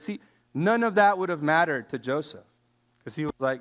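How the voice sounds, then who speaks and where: Man, casual sermon, fairly high voice, animated, slangy, lots of fillers. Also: moderate pace. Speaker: youth speaker.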